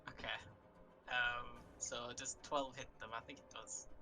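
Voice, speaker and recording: A man's voice: medium pitch, flat delivery, measured pace, bright, forceful tone, low-quality recording. A man playing a tabletop game, chatting casually, hesitant and full of fillers, often laughing. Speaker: player. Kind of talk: casual tabletop gaming chat.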